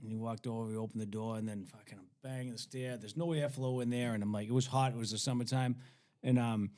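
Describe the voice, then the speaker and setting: A man's voice: medium pitch, a little mellow. A man telling a crude work story on a podcast, swearing and laughing as he goes. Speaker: podcast guest, ironworker. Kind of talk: casual storytelling.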